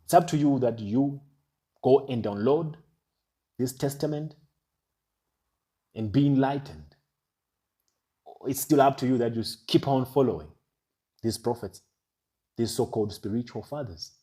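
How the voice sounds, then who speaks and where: A man's voice: mid-range voice, measured pace, pauses often, mellow. A man delivering an ominous, emphatic monologue as an online commentator, building urgency through repeated rhetorical phrases. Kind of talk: dramatic monologue.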